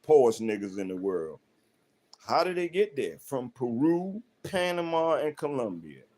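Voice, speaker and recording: In an unhurried, very animated, slightly mellow mid-range voice, a South Central Los Angeles man hosts a livestream. He rants to chat with profanity and confrontation, speaking AAVE and throwing out rhetorical questions.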